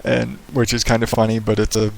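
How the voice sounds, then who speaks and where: A man's voice: on the low side, little pitch movement, brisk, vocal fry, darkish tone. A man hosting his own podcast in a casual, rambling and profane way, speaking in a radio-style voice into a headset mic in a small echoey home office with hardwood floors. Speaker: podcast host. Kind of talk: casual solo podcast monologue. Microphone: headset microphone.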